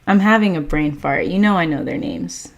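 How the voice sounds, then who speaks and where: A woman hosting a spiritual livestream, greeting viewers by name and guiding a meditation with calm, gentle affirmations. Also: fairly low pitch, moderate pace, dull audio. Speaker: livestream host and meditation guide. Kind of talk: casual livestream chat and guided meditation.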